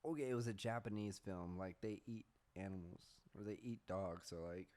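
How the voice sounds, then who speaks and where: Young male podcast host, lowish voice, loose rambling storyteller who swears freely. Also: normal speed, hardly any pauses, a little mellow. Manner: rambling, swears often, laughs at himself; reads search results aloud. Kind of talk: casual storytelling chat.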